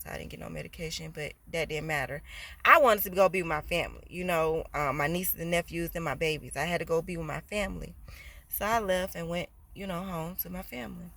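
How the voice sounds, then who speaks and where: A woman's voice: deep voice, vocal fry. Profane, slangy woman telling a storytime. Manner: profane, slangy, rising to loud indignant rants. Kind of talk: casual storytime vlog.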